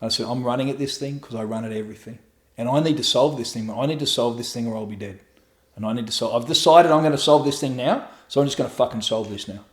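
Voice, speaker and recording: Profane, animated middle-aged man, echoey room. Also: medium pitch, fast talker, few pauses. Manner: profane, animated storytelling with acted-out quotes. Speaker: podcast guest. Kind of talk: candid storytelling interview. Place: room in his home.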